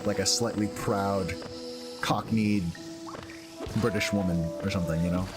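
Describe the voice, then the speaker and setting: A man's voice: on the low side, steady tone, measured pace. A man streaming a game, chatting casually and rambling with lots of fillers. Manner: rambling, filler-heavy, thinks aloud. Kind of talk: casual gameplay commentary. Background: game music.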